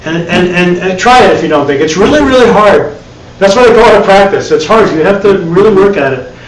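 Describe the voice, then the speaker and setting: A meditation teacher leads a live dharma class, speaking conversationally with repeated words and wry asides. His voice is high-pitched, animated, and brisk. The recording comes from a distant mic in an echoey room, with faint hiss.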